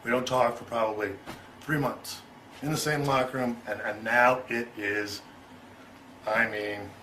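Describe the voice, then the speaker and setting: A man's voice: mid-range voice, steady tone, unhurried, pushed and bright, a little hiss or hum, poor audio. A middle-aged man telling a story in an interview, loose and profane, chuckling and acting out both sides of an argument. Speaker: interview guest.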